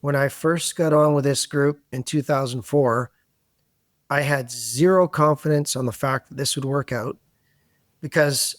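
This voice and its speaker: A middle-aged man from Canada, a podcast guest telling animated, self-deprecating stories in a relaxed conversation. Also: medium pitch, unhurried, no echo, clean studio sound. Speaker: interview guest. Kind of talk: conversational interview.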